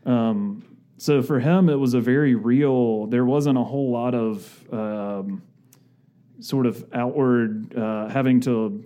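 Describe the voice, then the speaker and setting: A man's voice: mid-range voice, takes it slowly, mellow. A man co-hosting a podcast, talking casually and thinking aloud in loose, winding sentences. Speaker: podcast co-host.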